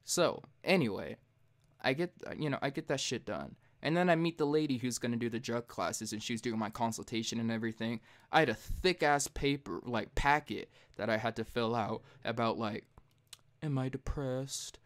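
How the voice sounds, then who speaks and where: Young man, podcast host, casual storytelling, heated, profane, middle pitch, mimicking voices. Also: a little fast. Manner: profane, heated, animated retelling; jumps high and loud when mimicking himself.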